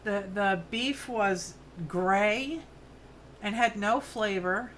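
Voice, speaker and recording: Speaking very slowly in a mid-range, slightly bright voice, this New York-accented woman in her fifties runs a craft livestream from her farm home studio. She rambles and chats with viewers in friendly asides while working, and a little hiss or hum sits under the audio.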